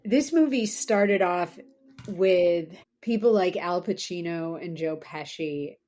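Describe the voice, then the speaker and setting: A woman's voice: on the low side, slow, a little mellow. A woman co-hosting a film podcast, chatting casually with wry, gossipy asides. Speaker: podcast co-host. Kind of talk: casual film-talk chat.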